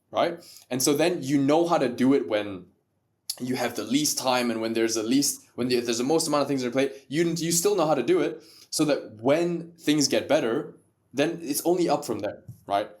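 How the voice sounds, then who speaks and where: Guy guesting on a podcast, punchy, lots of rhetorical questions, laughs a bunch, mid voice. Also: medium pitch. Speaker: podcast guest, entrepreneur and content creator. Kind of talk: casual podcast conversation.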